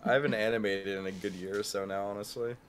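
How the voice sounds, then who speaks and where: A man's voice: lowish voice, steady tone, fast, clear, resonant tone. A young man, a student guest on a casual live-stream chat, talking in a cheerful, chatty way. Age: young adult. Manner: cheerful, chatty, mimics voices in stories.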